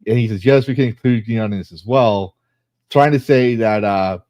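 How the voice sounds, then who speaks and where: A man's voice: fairly low pitch, normal speed, darkish tone, dry recording. A man hosting a casual online discussion, reading posts aloud and reacting with blunt, profane commentary. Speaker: host.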